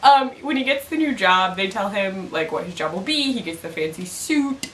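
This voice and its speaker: A woman's voice: mid-range voice, lively intonation, moderate pace, fairly bright tone, slight background noise. Giggly young woman recapping in an echoey room. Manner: chatty, giggly, many "like" fillers. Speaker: TV episode recapper. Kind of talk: casual recap chat. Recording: echoey room, mic at a distance.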